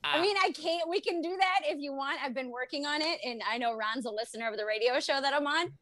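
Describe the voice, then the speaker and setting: High-voiced laughing woman comedian. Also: fast, sharp tone, no room sound. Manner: laughing often, breezy. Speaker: guest comedian. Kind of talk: casual chat and stand-up.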